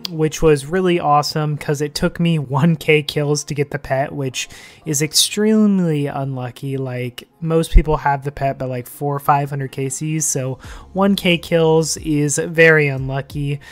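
Chatty man with a casual gaming vlog voice. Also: on the high side. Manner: chatty, loose, heavy on "like" and "you know". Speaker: gaming channel host. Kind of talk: casual game commentary vlog. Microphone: desk microphone.

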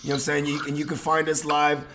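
A man's voice: fairly high pitch, monotone, fast talker, pushed and bright, slight background noise. A man from San Jose co-hosting a podcast, chatting loosely and jokingly, peppering his talk with "you know what I mean". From east side San Jose, US. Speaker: podcast co-host. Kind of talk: casual podcast banter.

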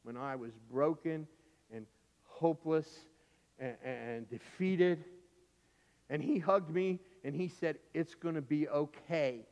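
A middle-aged male pastor preaching a sermon through a vivid personal story, swinging from loud, urgent lines to hushed ones. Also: fairly high pitch, slow pace, pauses often. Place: church sanctuary. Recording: dull, echoey church recording.

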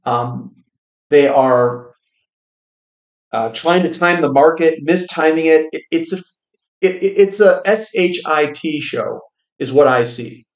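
Casting: male finance host, quick and rambling, slightly high voice, roomy echo. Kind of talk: casual market commentary.

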